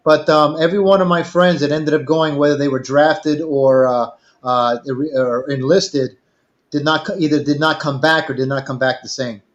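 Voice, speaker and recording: A man's voice: on the high side, fairly even intonation, moderate pace, lo-fi sound. Older man telling a rambling story. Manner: rambling anecdotal, quotes others in dialogue. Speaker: storyteller guest. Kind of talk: casual storytelling chat.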